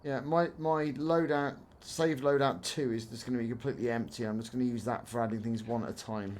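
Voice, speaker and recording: A man's voice: mid-range voice, steady tone, brisk, darkish tone, a little hiss or hum. Wry man chatting while gaming. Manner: chatty, wry, thinks aloud with restarts. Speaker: streamer and host. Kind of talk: casual gaming chat.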